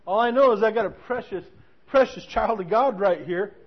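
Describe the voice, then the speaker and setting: A man with a notably high voice delivers a sermon as a lively story. He keeps restarting his sentences. The recording sounds dull and lo-fi. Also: normal speed, breathy edge. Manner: animated, with many restarts. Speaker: preacher.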